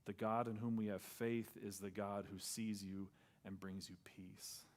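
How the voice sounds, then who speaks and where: A male pastor preaching a sermon in a conversational style, acting out quoted lines and dropping to a soft near-whisper on key words. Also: lowish voice.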